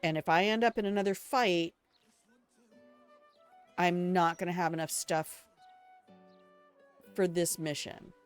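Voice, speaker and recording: An older woman from Alabama rambles through stories and asides while she plays, talking casually to her viewers. Her voice sits a little low for a woman, with faint game music underneath. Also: fairly even intonation, a little slow, long pauses, smooth. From Alabama, United States. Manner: chatty, rambling storyteller talking to chat. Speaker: game streamer. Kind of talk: casual let's-play commentary.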